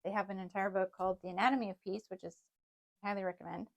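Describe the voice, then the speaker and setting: A woman's voice: mid-range voice, fairly even intonation, rapid-fire, vocal fry. A middle-aged woman co-hosting a casual parenting podcast, explaining ideas earnestly with light laughs. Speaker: podcast co-host.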